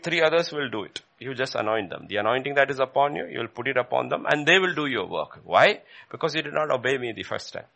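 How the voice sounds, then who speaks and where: A man's voice: medium pitch, animated, quick pace, vocal fry, hardly any pauses, bright, forceful tone. A male preacher giving a sermon, emphatic, repeating phrases and rising sharply whenever he quotes questions from scripture.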